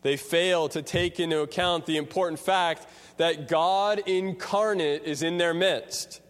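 A man preaching a sermon, explaining a scripture passage slowly and deliberately. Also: a little high, steady tone, fairly bright tone. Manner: slow, deliberate expository preaching. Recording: long reverb of a large hall.

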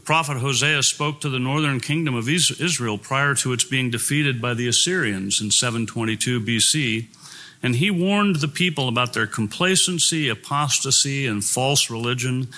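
A man's voice: medium pitch, normal speed, pushed and bright. A man preaching a sermon, reading scripture aloud and speaking in an earnest, emphatic way.

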